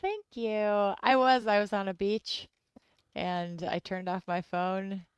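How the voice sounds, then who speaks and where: A woman guest chatting on a radio talk show, upbeat and quick to laugh. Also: medium pitch, crowd noise. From Wisconsin, USA. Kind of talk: casual radio chat.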